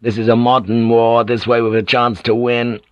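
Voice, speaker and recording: A man's voice: medium pitch, flat delivery, normal speed, dry recording, lo-fi sound, close to an everyday voice. A man voicing a scheming, gloating lord who speaks in an eager and insinuating way.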